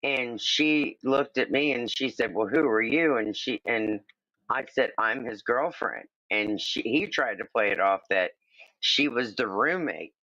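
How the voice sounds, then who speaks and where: A man's voice: mid-range voice, measured pace, pushed and bright, no room sound, highs cut off. A man chatting casually on a livestream, telling a long rambling story and acting out the other people's lines. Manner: rambling storyteller, acts out quoted dialogue.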